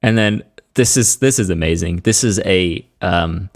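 A man's voice: low-pitched, a little slow. A man co-hosting a podcast in casual chat, telling stories and reading quotes aloud with bursts of laughter. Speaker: podcast co-host.

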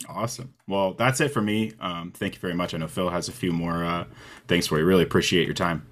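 A man's voice: deep voice, fast talker, a bit bright. A man co-hosting a fan podcast, interviewing a guest in a friendly, casual way. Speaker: podcast co-host.

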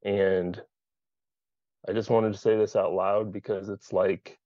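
Man in a support group, low voice, candid and profane, sharing over a dull dry video call line. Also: level tone, slow pace, dark tone, no echo. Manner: candid, swears freely, searching aloud.

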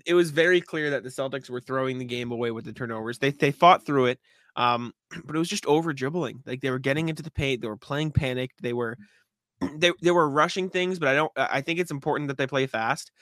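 A man co-hosting a casual sports podcast, breaking down game stats in a loose, conversational way with frequent throat-clearing. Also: mid-range voice, a little fast, a bit bright, dry recording. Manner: conversational, uses fillers and laughs, clears throat often. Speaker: podcast co-host.

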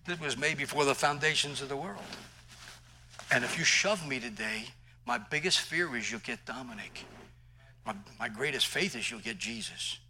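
A man's voice: mid-range voice, animated, moderate pace, bright, forceful tone, slight background noise, poor audio. A male pastor preaching a sermon in an emphatic, conversational way, mixing scripture with personal stories.

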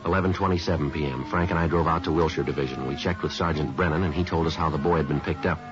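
A man's voice: extremely low pitch, fairly even intonation, quick pace. An actor playing a terse police detective who narrates his case in a clipped, matter-of-fact way, in a 1950s radio crime drama. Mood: clipped report. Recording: lo-fi old radio recording with music.

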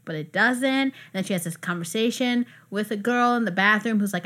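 A woman co-hosting a podcast, chatting in an animated, talkative way about a TV show. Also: medium pitch, fairly quick. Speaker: podcast co-host. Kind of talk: casual chat about TV and movies.

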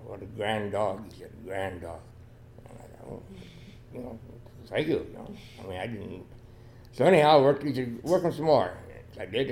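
Speaking in a lowish, creaky, darkish voice, an older dog trialer guesting on a podcast spins a long, meandering, folksy story in a relaxed interview. He frequently starts over and peppers his speech with "you know." Slight hiss or hum is audible.

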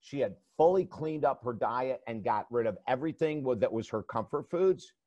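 A life coach with a mid-range, slightly mellow voice tells stories in an interview, speaking expressively at a moderate pace with energy and emphasis. He repeats words as he starts sentences. The recording is muffled, with no room sound.

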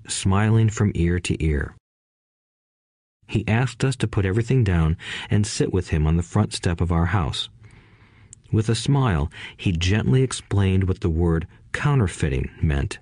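A man narrating an audiobook in a steady, scripted read-aloud manner, lifting his voice a little for quoted lines. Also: deep voice, no room sound, studio quality.

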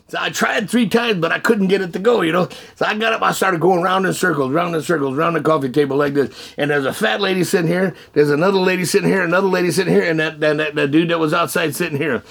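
A man telling his testimony in an animated, folksy way, often laughing and repeating words. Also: fairly high pitch, vocal fry, slightly rough. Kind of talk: animated storytelling.

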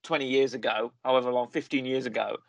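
A man's voice: mid-range voice, steady tone, quick pace, gravelly, dry recording, muffled recording. Rambling man in casual review chat. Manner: rambling, self-correcting, lots of fillers. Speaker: podcast host reviewing a series.

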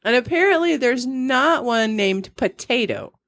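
A woman's voice: a little high, expressive, measured pace, fairly bright tone, dry recording, studio quality. A middle-aged woman co-hosting a podcast in casual chat, rambling and laughing often. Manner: chatty, giggly, rambling. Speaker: podcast co-host.

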